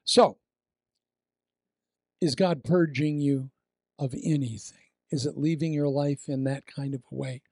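A man preaching a sermon, telling a funny travel story with animated shouted lines before turning to quiet prayer. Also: medium pitch, moderate pace, gravelly, long pauses, slightly rough, no room sound.

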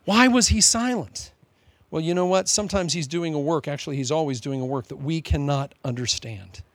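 A man preaching a sermon, switching between animated storytelling and joking asides, calling listeners "loved one.". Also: fairly high pitch, a little fast, no echo.

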